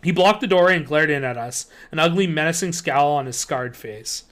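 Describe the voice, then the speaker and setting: Man reading a spooky book aloud, fairly high voice. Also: fairly quick. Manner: expressive, joking asides. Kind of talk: reading aloud with casual asides.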